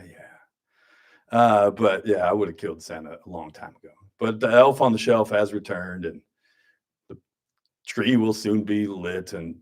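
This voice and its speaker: Lower-voiced radio host man. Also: darkish tone. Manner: joking grumpy banter, quick asides. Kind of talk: casual radio talk. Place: radio studio.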